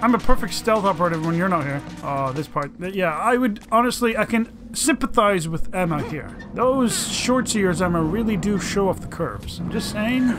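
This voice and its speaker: A man's voice: high-pitched, lively intonation, moderate pace, few pauses, music in the background. A man doing let's play commentary, swearing and mock-dramatically teasing the game's characters.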